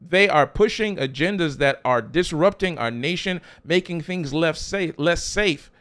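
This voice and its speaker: A male pastor delivers a sermon in a somewhat high voice. He presses his points with rhetorical questions and repeated phrases. His delivery is emphatic throughout. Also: animated, unhurried, fairly bright tone.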